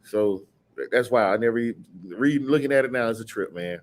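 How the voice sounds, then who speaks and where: A man leading an informal scripture study speaks with a mid-range, everyday voice. He chats in a loose, offhand way and reads verses slowly and with weight. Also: mid-range voice. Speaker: Bible teacher. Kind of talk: casual scripture study talk.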